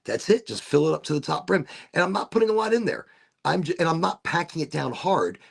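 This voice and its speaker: Gravelly, playful man demonstrating a device. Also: on the high side, sing-song, fast. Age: middle-aged. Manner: playful, breaks into silly voices and asides. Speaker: streamer demonstrating a vaporizer. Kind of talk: casual livestream demonstration.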